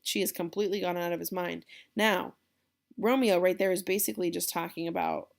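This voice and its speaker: A woman's voice: on the low side, expressive, a little fast, vocal fry. A woman teacher giving a casual classroom lecture, explaining a play and checking in with her students.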